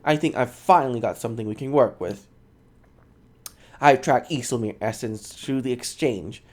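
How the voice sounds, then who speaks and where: Man plays eager female soul scholar, clinical, swooping high voice. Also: lightly acted. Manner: excited, clinical, high-pitched. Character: fussy, eager woman scholar of souls.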